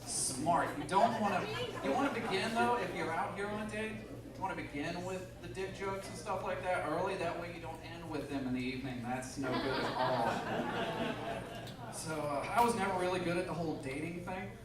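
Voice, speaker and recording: A male comedian doing stand-up in a conversational, self-deprecating way. His voice is slightly high and heard from a distance in an echoey club. A loud crowd is behind him. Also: a little fast.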